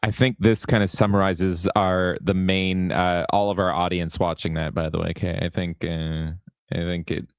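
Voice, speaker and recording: A man's voice: low voice, level tone, moderate pace, clean tone, no echo. A man hosting a casual gaming podcast in a home studio, talking in a teasing, jokey way. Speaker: podcast host.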